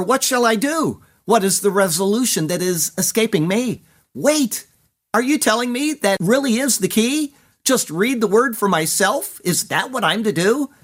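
A searching, doubting man voiced by a male preacher asks question after question. His voice sits high and pleading. He speaks in a poetic, earnest way. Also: a bit bright, heavily acted. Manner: questioning, pleading, then resolved. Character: doubting male churchgoer seeking the truth.

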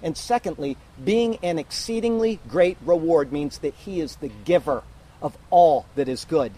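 A man's voice: a little high, moderate pace, warm tone, husky, rough recording. A man preaching an emphatic sermon, teaching verse by verse to his congregation. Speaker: pastor.

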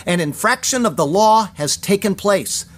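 High-voiced man reading a sermon. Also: lively intonation, a bit bright. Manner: reads scripture aloud, slows down to sound out Hebrew words. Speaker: pastor.

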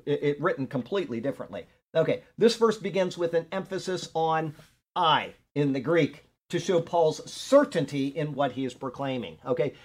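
An older man teaching a Bible class in an earnest, conversational way, often checking in with his listeners. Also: medium pitch. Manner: conversational, earnest, frequent "okay?" check-ins.

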